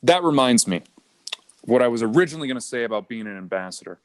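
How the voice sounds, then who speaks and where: A man's voice: medium pitch, animated, fast, no echo. A young man co-hosting a podcast, telling a rambling, self-mocking anecdote. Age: young adult. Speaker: podcast co-host and stand-up comic.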